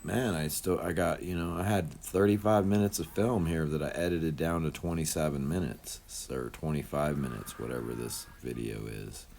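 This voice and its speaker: A man's voice: very deep voice, moderate pace, vocal fry, few pauses, darkish tone, a little hiss or hum. A man giving casual voice-over commentary as a channel host, rambling and laid-back with lots of fillers.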